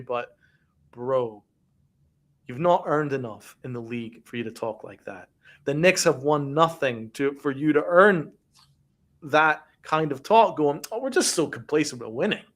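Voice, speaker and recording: A man's voice: on the high side, moderate pace, fairly bright tone. A man co-hosting a live basketball talk stream, ranting emphatically and mocking players. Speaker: podcast co-host. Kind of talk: heated sports talk.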